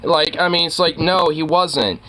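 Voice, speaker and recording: A man riffs through a casual reaction commentary, rambling and heated, tripping over fillers and restarts. His voice is bright and forceful. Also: on the high side, fairly even intonation, measured pace, a little hiss or hum.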